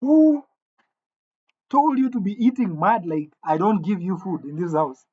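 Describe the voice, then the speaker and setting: A man's voice: high-pitched, unhurried, slightly rough. A man putting on the voice of a strict, angry mother scolding her child, on a dull lo-fi recording. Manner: stern, scolding.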